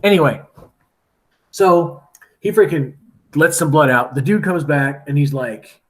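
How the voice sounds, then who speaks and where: A man's voice: a little high, animated, measured pace. A man teaching a class, casually retelling a story with lots of "like" and "right?".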